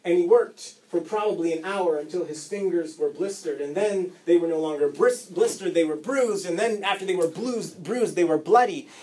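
A male pastor delivering a sermon, telling a story dramatically with rising repetition and long pauses. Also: high-pitched, a little mellow.

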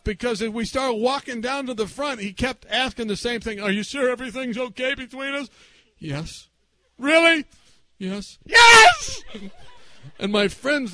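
A man preaching a sermon through a personal story, animated and swinging between loud and hushed delivery. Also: sits high, no room sound.

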